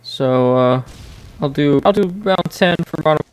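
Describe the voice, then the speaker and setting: A man's voice: a little high, moderate pace, clean tone. A man hosting a gaming channel, rambling casually while he plays and reacting to the match. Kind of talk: casual gameplay commentary. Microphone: desk microphone.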